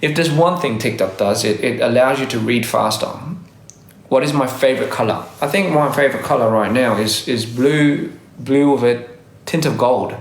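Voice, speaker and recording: A man's voice: medium pitch, normal speed. Man, diluted Aussie accent, loose live-stream chatter, roomy echo on a phone mic. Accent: Australian English, softened by years abroad. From Australia. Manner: rambling, self-correcting, frequent laughs. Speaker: livestreamer. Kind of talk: casual live-stream chat reading comments.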